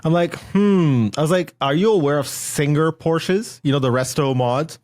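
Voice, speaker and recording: A man hosting a podcast in casual chat, enthusiastic and reacting quickly. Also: fairly high pitch, darkish tone. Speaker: podcast host.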